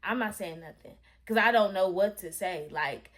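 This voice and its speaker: A woman's voice: medium pitch, lively intonation, moderate pace, hardly any pauses. A young woman telling a personal story to her camera in a casual, candid and emphatic way, cursing and calling her viewers y'all. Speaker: storytime vlogger. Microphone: camera facing the speaker.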